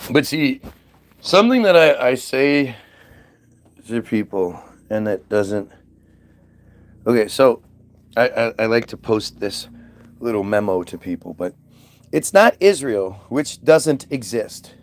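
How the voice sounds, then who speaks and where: A man's voice: lowish voice, expressive, measured pace, long pauses. A man talking casually to the camera outdoors in freezing weather, rambling, swearing and stammering as he repeats himself. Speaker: vlogger.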